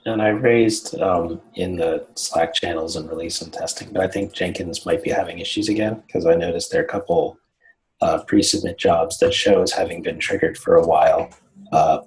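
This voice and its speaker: A man on a video call reporting a technical issue in a matter-of-fact, casual way. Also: sits low. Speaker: meeting participant. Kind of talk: casual online meeting talk.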